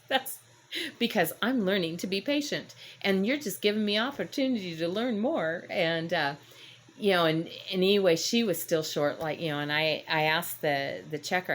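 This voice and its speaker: Low-voiced older woman telling a story. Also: normal speed. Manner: rambling, self-correcting storyteller. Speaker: host. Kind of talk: casual faith-based storytelling.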